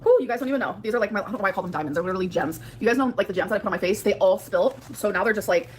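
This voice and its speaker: A woman's voice: mid-range voice, racing, a little hiss or hum. A young woman vlogging to her viewers, chatty and rambling, filling her speech with "like" while she does her makeup. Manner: chatty, rambling, heavy use of "like". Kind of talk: casual vlog talking to viewers.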